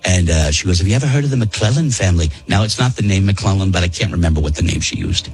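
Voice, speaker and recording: A man's voice: low voice, lively intonation, fast talker, a little mellow, husky, faint music behind, rough recording. A man casually telling a story to friends on a podcast, rambling and restarting his sentences. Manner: rambling, self-interrupting, repeats words while telling.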